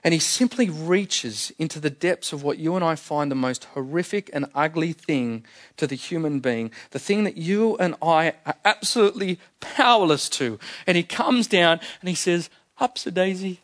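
Emphatic higher-voiced male preacher. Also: expressive, normal speed, a bit bright. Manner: emphatic, repeats key phrases for effect; conversational, explains scripture plainly. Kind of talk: sermon.

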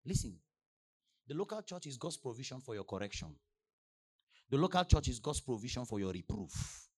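Animated Nigerian pastor preaching. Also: male voice, moderate pace, breathy edge. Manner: animated preaching, swinging between loud shouted declarations and low asides. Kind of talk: sermon.

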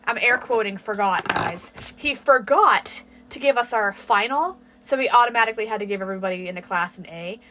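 A woman's voice: medium pitch, fairly quick, hardly any pauses, slight background noise. A woman co-hosting a podcast, telling workplace stories in casual chat, swearing freely. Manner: profane, storytelling, lively. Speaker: podcast co-host.

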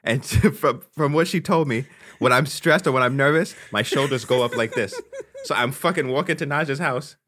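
A young man co-hosts a podcast, his voice at medium pitch and a moderate pace. In easygoing conversation he relates a lengthy story, profane and animated, laughing throughout.

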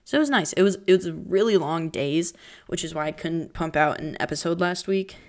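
A young woman hosting her own podcast in casual chat, chatty and dramatic, jumping between pitches and whispers. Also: moderate pace. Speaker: podcast host.

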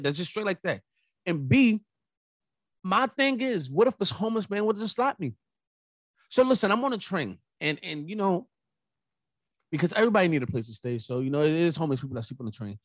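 A young adult man hosting a casual solo podcast, telling rambling, animated stories with emphatic asides. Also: a little high, no echo. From New York. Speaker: podcast host.

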